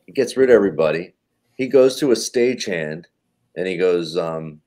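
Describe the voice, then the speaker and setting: Low-voiced man telling a comedy story. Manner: animated anecdote telling with swearing and acted quotes. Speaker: comedian guest. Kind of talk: casual storytelling on a podcast.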